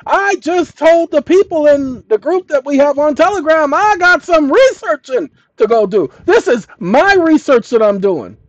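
A man's voice: very high-pitched, lively intonation, unhurried, hardly any pauses, no room sound, dull audio. A man hosting his channel, reading an old document aloud and commenting on it emphatically, often telling listeners to pay attention. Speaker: channel host.

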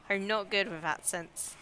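This is casual live gameplay commentary from a young English Midlands woman who is chatty and giggly and reacts aloud to scares. Her medium-pitched voice is pushed and bright, and there's a little hiss or hum.

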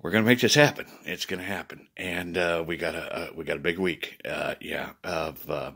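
A man talking casually to viewers, rambling with many restarts and swinging between worried and loud. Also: low-pitched, moderate pace, gravelly, husky. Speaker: video blogger.

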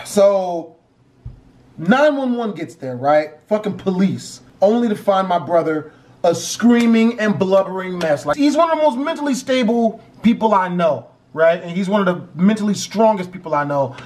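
Very high-voiced man telling a profane story. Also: moderate pace. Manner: profane, animated retelling. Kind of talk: casual story time.

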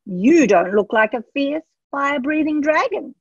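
A woman voicing a brave, loud young princess in a children's storybook, speaking with spirit and emphasis. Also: high voice, lively intonation, unhurried, no room sound, voice pushed up. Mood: sassy. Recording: dull lo-fi dry sound.

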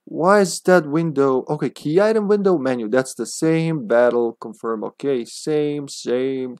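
A man's voice: medium pitch, unhurried, hardly any pauses, darkish tone, no echo. A man streaming a video game live, chatting casually and laughing often, swearing now and then.

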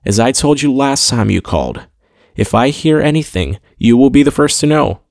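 A man voicing a reserved male android in an audiobook, speaking evenly and gently. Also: mid-range voice, moderate pace, creaky, no echo, clean studio sound. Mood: guarded. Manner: guarded, even, quietly gentle. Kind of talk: audiobook character voice.

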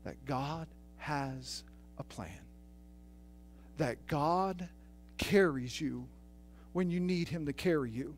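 Pastor, male, high-pitched voice, storytelling sermon that builds to emphatic preaching. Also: slow, pauses often, no room sound, poor audio. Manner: repeats phrases for emphasis.

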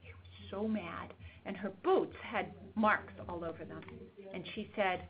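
Woman doctor giving a chatty talk to parents, lots of ums, middle pitch, muffled lo-fi recording. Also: a little slow. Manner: chatty, storytelling, frequent ums. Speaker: developmental pediatrician presenting a workshop. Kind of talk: informal lecture with case stories. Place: meeting room with a small audience. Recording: dull lo-fi room recording.

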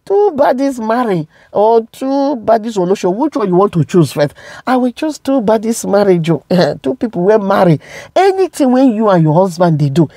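A woman's voice: medium pitch, very animated, moderate pace, mellow, no echo, studio quality. A woman with a Nigerian accent talking to her viewers about celebrity gossip, emphatic and repeating words for stress. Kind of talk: casual commentary to viewers.

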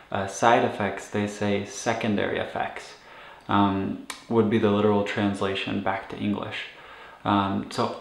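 Man, relaxed teacher, slow measured speech, mid pitch, many fillers, roomy echo. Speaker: medical Spanish teacher. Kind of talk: casual teaching. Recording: echoey room.

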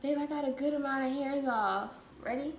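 A woman's voice: high voice, fairly quick, echoey room, slight background noise. A woman vlogger chatting casually with her partner, giggly and anxious, swearing often and calling her partner baby. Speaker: vlogger doing the waxing.

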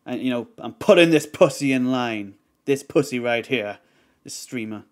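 Commenting on a video as a streamer, this man speaks at a moderate pace in an expressive mid-range voice. He's worked up and cursing, wandering off track and leaning on lots of filler words.

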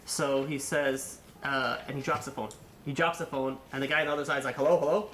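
A man, a rabbi, telling a long story in a sermon, animated and full of fillers, acting out the people in it. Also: medium pitch, a little fast, roomy sound, a little hiss or hum. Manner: animated, acts out quotes, many fillers.

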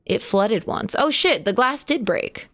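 A woman's voice: fairly high pitch, animated, unhurried, fairly bright tone. A woman streaming a horror game live, chatting to viewers, yelping at jump scares and swearing casually. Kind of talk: live horror gameplay commentary.

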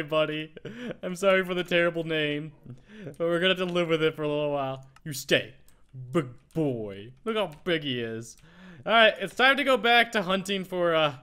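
A man hosting a casual Minecraft let's play, chatting excitedly as he plays and talking to the animals he finds. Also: on the high side, smooth. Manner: excitable, talks to in-game animals. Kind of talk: casual gameplay commentary.

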